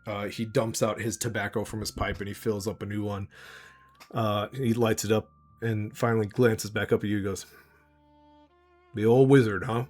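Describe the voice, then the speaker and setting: A man narrating a tabletop game as game master, relaxed and halting with many fillers. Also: fairly low pitch, faint music behind.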